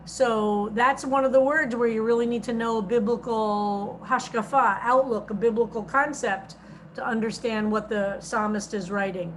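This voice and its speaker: Woman rabbi, fairly high voice, patient teacher, video call. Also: steady tone, normal speed, slight background noise, low-quality recording. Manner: explains Hebrew grammar patiently, reads translations aloud. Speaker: rabbi teaching a psalm class. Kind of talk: teaching a text study over a video call.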